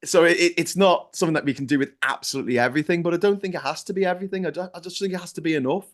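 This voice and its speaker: Animated ranting British man, high voice. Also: rapid-fire. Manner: animated ranting, swears, mimics people in raised voice. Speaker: co-host. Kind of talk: casual political chat.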